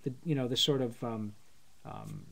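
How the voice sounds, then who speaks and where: A man's voice: mid-range voice, expressive, normal speed, vocal fry, a bit bright. A middle-aged man, a voice actor, chatting enthusiastically in a live Q&A, rambling with many fillers and restarts. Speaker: voice actor guest. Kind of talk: casual live Q&A chat.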